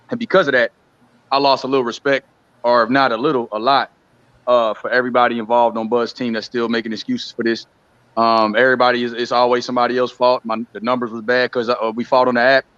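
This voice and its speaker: A man talking fast and heatedly on a live stream, ranting and mocking with quick impressions. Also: mid-range voice, fairly bright tone, dry recording, dull audio. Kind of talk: heated casual talk.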